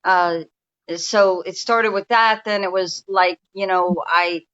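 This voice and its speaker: Bright-voiced New woman in her fifties. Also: medium pitch, steady tone, takes it slowly, clear, resonant tone, muffled recording. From New York. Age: 50s. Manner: rambling, restarts often, speaks in a confiding way. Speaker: guest energy healer. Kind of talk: casual storytelling interview. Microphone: remote call.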